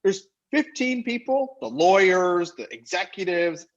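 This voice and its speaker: A man, a podcast guest and company co-founder, telling anecdotes casually and acting out the dialogue with quick asides. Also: sits high, animated, lo-fi sound.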